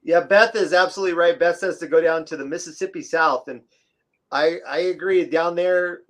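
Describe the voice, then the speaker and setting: A talkative man with a voice pitched a little higher than most. He co-hosts a podcast in a relaxed, chatty way, spinning stories and laughing easily. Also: normal speed. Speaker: podcast co-host. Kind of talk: casual chat.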